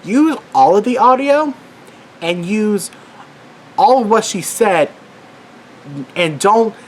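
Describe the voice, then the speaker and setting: A man's voice: sits high, expressive, takes it slowly, a little hiss or hum. A worked-up man giving an angry commentary rant as a vlogger, swearing and exasperated.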